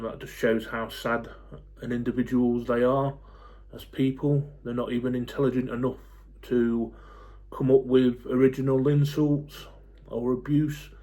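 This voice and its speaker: A man in his forties, talking to camera in a blunt, fed-up rant, swearing freely and pausing on lots of ums. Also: mid-range voice, darkish tone. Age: 40s. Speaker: football fan YouTuber.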